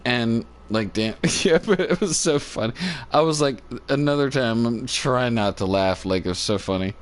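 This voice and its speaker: Rambling man chatting on a livestream. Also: mid-range voice. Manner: laughs often, lots of fillers and restarts. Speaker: live streamer. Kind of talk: rambling casual chat. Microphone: phone on a cord.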